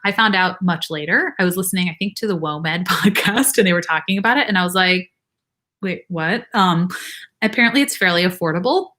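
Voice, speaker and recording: Young woman nurse doing a live q&a, lowish voice but bright, laughs a lot, says like constantly. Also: brisk. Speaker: nurse practitioner host. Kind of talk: casual live Q&A.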